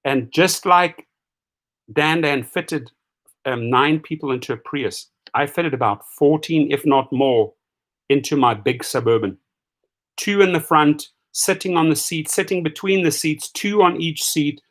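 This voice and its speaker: A man hosting a live rideshare stream, ranting and telling stories in a mocking, animated way with casual profanity, speaking straight to his viewers. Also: on the high side, measured pace. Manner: animated, mocking, swings between shouting and muttering. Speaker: rideshare channel host.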